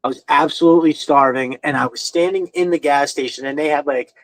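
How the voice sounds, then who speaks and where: A man's voice: a little high, brisk, no echo, low-quality recording. A man from New York with a New York accent, hosting a podcast and telling long, rambling stories in casual chat, swearing freely. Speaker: podcast host.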